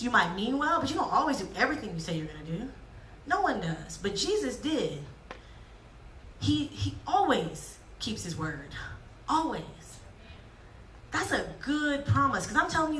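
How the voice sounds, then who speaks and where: Lively woman preaching in an echoey hall. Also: fairly high pitch, recorded from a distance, slight background noise. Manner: lively, jokey, acts out quotes. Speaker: youth speaker. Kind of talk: youth sermon. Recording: echoey hall, speaker off-mic.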